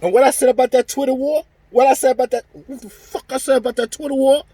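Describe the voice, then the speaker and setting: A man with a very high yet dark, husky voice rants angrily to camera about boxing, speaking quickly in a steady tone. As a boxing commentary vlogger, he's heated and profane, repeating himself while venting, in a dry recording.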